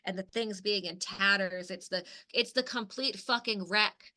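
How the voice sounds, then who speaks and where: Bright-sounding woman co-hosting a podcast, rambly and casual, lots of "like". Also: medium pitch, measured pace. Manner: chatty, many "like" fillers, swears casually. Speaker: podcast co-host. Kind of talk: casual chat.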